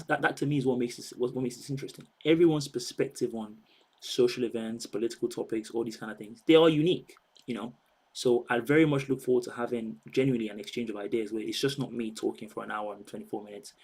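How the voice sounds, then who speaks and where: A man's voice: mid-range voice, vocal fry, a little mellow, breathy edge, rough recording. A man hosting a live stream, chatting and rambling straight to his viewers. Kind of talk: casual live-stream chat.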